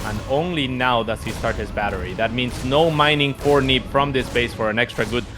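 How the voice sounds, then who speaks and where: A man's voice: mid-range voice, a little fast, music in the background. A man giving friendly, analytical color commentary on a live esports match. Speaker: esports co-caster.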